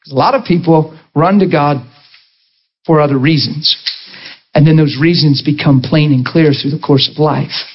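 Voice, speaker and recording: Passionate preacher man, husky voice. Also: normal speed, highs cut off. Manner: passionate storytelling, voice swinging between high and low. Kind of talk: sermon.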